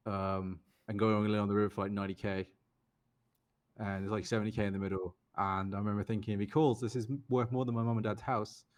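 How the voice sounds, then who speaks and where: A young British man, a poker player and podcast guest, telling casual stories and quoting others in raised, lively voices. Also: lowish voice, quick pace. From United Kingdom. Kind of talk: casual storytelling.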